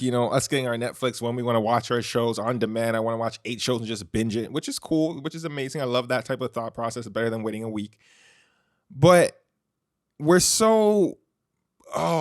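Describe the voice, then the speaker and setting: A man's voice: mid-range voice, no echo, studio quality. A man hosting his own podcast in a loose, chatty monologue, full of "like" and "you know". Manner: chatty, heavy use of "like" and "you know", restarts. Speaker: podcast host. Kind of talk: casual solo podcast monologue. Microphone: close studio microphone.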